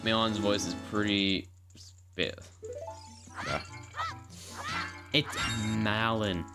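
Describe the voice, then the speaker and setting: A woman's voice: extremely low pitch, steady tone, drawn-out words. A woman streaming a game live, chatting casually in a rambling, playful way as she narrates what she does. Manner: rambling, playful, self-narrating, repeats words. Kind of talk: casual live gameplay commentary. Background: game music.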